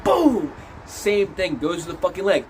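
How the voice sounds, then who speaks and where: A man giving a casual, animated film review, swearing freely as he retells scenes. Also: a little high, brisk, a little hiss or hum, rough recording. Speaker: movie reviewer.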